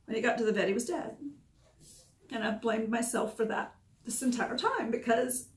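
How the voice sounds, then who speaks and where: A woman's voice: fairly high pitch, animated, moderate pace, long pauses. A woman, a dog groomer candidly recounting past events in short, emotional bursts. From Georgia, USA. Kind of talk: personal storytelling. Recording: echoey room.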